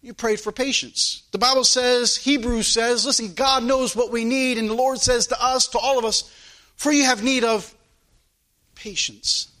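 A man's voice: very high-pitched, steady tone, moderate pace, hardly any pauses, sharp tone. A male preacher delivering a sermon in an earnest manner, weaving in a personal story and asking his listeners rhetorical questions.

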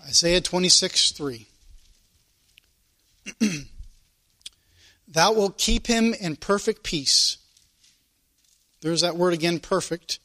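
A man's voice: sits high, bright, forceful tone. A man preaching a sermon, reading scripture aloud and pressing his points with rising emphasis.

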